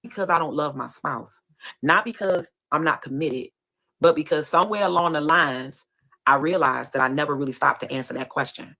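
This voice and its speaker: Woman, low register, bright tone; measured and reflective delivery. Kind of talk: reflective talk in a played clip.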